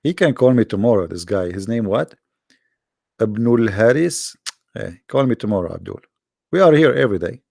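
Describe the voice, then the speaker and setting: A man hosting a live debate stream, tired and hoarse, talking in a sarcastic, taunting way. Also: on the low side, expressive, normal speed, a little mellow, no room sound, clean studio sound. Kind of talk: casual mocking live-stream talk. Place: quiet room at home.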